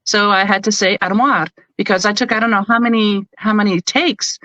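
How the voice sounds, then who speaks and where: Bright-voiced Canadian woman, chatty. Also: mid-range voice, normal speed, no room sound, muffled recording. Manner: chatty, animated storyteller who acts out quotes. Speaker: audiobook narrator, guest. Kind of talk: casual interview chat.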